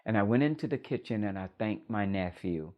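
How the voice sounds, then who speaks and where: A woman's voice: very deep voice, lively intonation, a little fast, lo-fi sound. Older woman telling a personal story.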